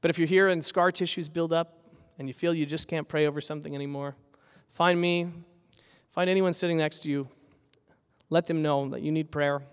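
A pastor preaching a sermon in an earnest, emphatic way, building with repeated phrases. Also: male voice, fairly high pitch, fairly even intonation, a little fast, clean tone, in a large hall.

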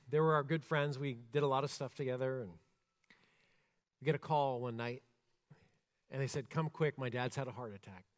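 A man preaching a sermon, earnest, rising to emphasis and dropping soft and slow. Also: mid-range voice. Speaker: pastor. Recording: long reverb of a church hall.

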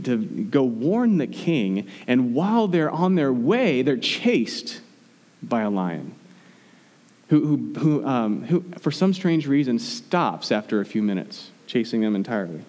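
A man's voice: mid-range voice, a little mellow. A man in his thirties preaching a sermon in a conversational way, often restarting his sentences. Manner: conversational, with frequent restarts and fillers. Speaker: pastor. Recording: long hall reverb.

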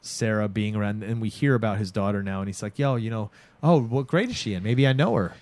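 A young man recapping a show in casual chat, animated, acting out the characters' lines and swearing freely. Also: fairly low pitch, quick pace. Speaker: podcast host recapping a show.

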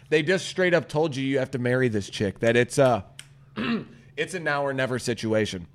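A man's voice: medium pitch, normal speed. Man hosting a crude comedy chat. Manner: animated, profane, storytelling with acted-out quotes. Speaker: radio show host.

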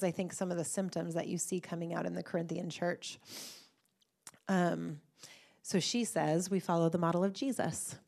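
Tired woman giving a casual devotional. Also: on the low side. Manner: conversational, laughs lightly between phrases, animated when quoting. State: tired, rough morning. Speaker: speaker sharing a devotional reflection.

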